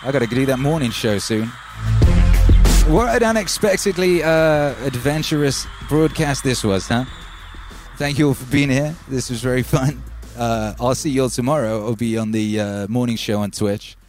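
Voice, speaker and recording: A man hosting a relaxed livestream, rambling and reading out chat names. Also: mid-range voice, normal speed. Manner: laid-back, rambling, calls listeners baby. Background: faint music.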